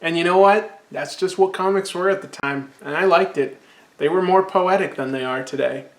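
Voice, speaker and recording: A man's voice: high voice, normal speed, roomy sound. A man casually reviewing an old comic, rambling and enthusiastic while sipping absinthe.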